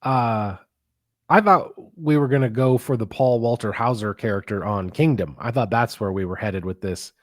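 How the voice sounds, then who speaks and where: Male podcast co-host, laid-back and sardonic, mid-pitched, dry recording. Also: moderate pace, dry recording. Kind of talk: casual chat.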